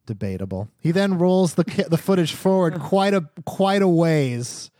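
A man's voice: on the high side, animated, normal speed, mellow, dry recording, studio quality. A man narrating a tabletop game as game master, teasing his players in a playful way.

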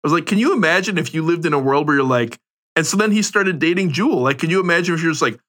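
Man, podcast co-host, chatty storyteller, bright sharp tone. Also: on the high side, expressive, rapid-fire. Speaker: podcast co-host presenting songs. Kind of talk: casual comedic chat.

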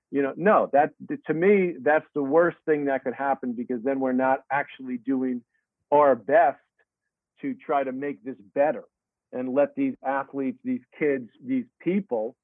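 Heard through a dry, tinny phone-style line without echo, a middle-aged tennis coach with a medium-pitched voice answers interview questions. He talks earnestly and thoughtfully, restarting many times.

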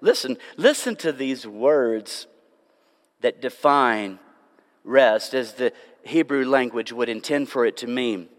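Self-mocking preacher in a reverberant church. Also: male voice, mid-range voice, slow pace. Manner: self-mocking storytelling, lively then hushed and drawn out. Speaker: pastor. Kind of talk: sermon. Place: church sanctuary. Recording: long hall reverb.

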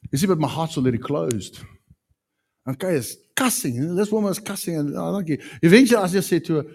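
Male pastor, emphatic sermon delivery, lively swinging intonation. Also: on the high side, fast talker, gravelly. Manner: animated, emphatic preaching with sudden loud peaks.

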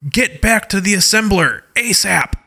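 Man doing a brisk commanding starship captain. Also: sits high, expressive, creaky, pushed and bright, voice pushed up, heavily acted. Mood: urgent. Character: brisk spaceship captain on the radio.

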